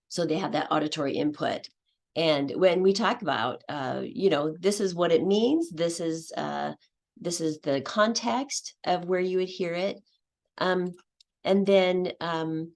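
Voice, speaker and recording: A woman's voice: deep voice, vocal fry. A woman giving a conference presentation on teaching, explaining step by step and acting out what her students say. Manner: explanatory, acts out student voices.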